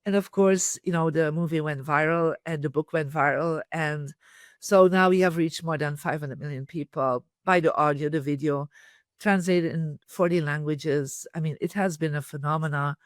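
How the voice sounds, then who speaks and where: A woman guest in a podcast interview, telling lively stories and acting out quoted dialogue. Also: low-pitched, moderate pace, dry recording, studio quality. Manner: animated storyteller, quotes dialogue. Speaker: podcast guest, feng shui teacher. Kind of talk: casual interview storytelling.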